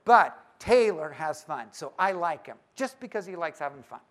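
A man speaking to church leaders at a conference, lively and joking as he teases the audience. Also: fairly high pitch, normal speed. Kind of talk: live talk to an audience.

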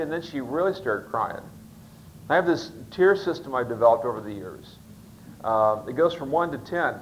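A man telling a story in a sermon, folksy and rambling, often stopping on fillers and restarting his sentences. His voice sits at a medium pitch. A faint noise runs under the recording. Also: normal speed, poor audio. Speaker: pastor.

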